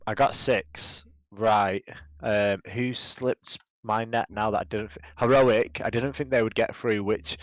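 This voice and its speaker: A man's voice: lowish voice, steady tone, unhurried, no echo, poor audio. Easygoing British man, dry sound. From Britain. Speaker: podcast co-host. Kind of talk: casual podcast chat.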